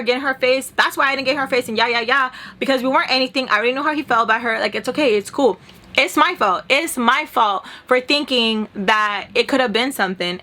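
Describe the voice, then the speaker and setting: A young woman in her twenties telling a long, animated storytime, acting out the dialogue and swearing freely. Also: fairly high pitch. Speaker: storytelling vlogger. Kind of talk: casual storytime.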